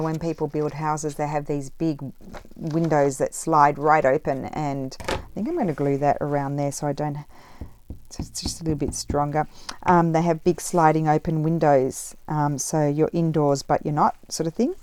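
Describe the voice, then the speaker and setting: A woman's voice: deep voice, steady tone, normal speed, a little mellow. A middle-aged woman chatting casually while she crafts, rambling with many fillers. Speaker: craft vlogger. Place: home craft table, indoors.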